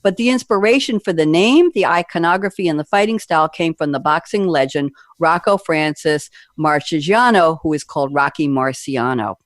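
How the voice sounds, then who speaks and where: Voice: mid-range voice, lively intonation, normal speed, hardly any pauses, no room sound. A radio talk-show host moderating a panel in a chatty, jokey way, with rambling asides. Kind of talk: conversational radio hosting.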